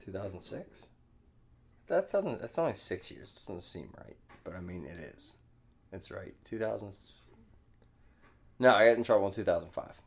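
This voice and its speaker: Casting: thirties male podcast guest, very low voice, laid-back skater talk, heavy swearing. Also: sing-song, moderate pace, pauses often. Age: 30s. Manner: laid-back, swears a lot, laughs often. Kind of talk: casual chat.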